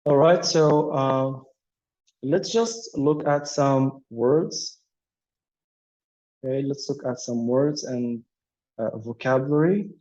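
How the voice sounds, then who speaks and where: Slow-paced with long pauses, a man's mid-range, darkish voice walks patiently through an English pronunciation and vocabulary lesson. He leans on fillers and repeats words often. The audio is dull and lo-fi.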